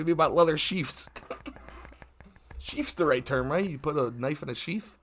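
A man's voice: mid-range voice, animated, a little fast, fairly bright tone. A man with a lisp, co-hosting a podcast in casual, rambling banter and laughing often. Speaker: podcast co-host.

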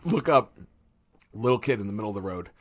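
Animated rambling male storyteller. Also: lowish voice, quick pace. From Ohio, USA. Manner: rambling, animated storyteller, acting out quotes with laughs. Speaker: podcast co-host. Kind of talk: casual storytelling chat.

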